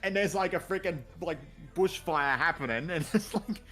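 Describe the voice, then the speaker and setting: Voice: mid-range voice, moderate pace, a bit bright, soft background music. An Australian guest in a casual podcast chat, reacting playfully and animatedly.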